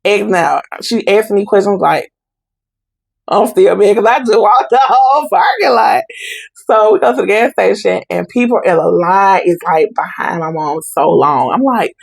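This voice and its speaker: A young adult woman on a podcast, telling a story in a casual, animated way and acting out every voice in it. Her voice has a gravelly, slightly husky edge. The sound is dry and close, with no room echo. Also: mid-range voice, moderate pace. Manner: animated retelling with quoted dialogue in Southern Black vernacular. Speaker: podcast guest.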